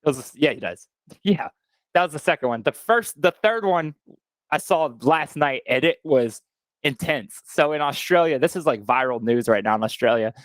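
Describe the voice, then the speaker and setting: A man's voice: fairly high pitch, animated, normal speed, no room sound. A man from Texas, co-hosting a podcast and rambling through stories in casual, swearing chat. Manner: rambling storyteller, swears freely. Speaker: podcast co-host.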